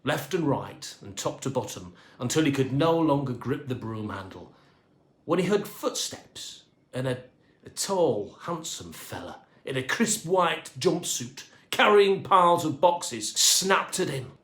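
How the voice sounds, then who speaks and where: A man narrating a children's storybook in an expressive, playful manner. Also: mid-range voice, a little slow. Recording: echoey room.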